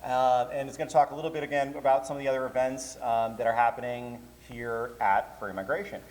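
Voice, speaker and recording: A man's voice: medium pitch, fast talker. A man, a convention's programming director, giving a joking, chatty panel talk to a live audience. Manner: joking, chatty, lively with laughs. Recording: hall reverb, faint room noise.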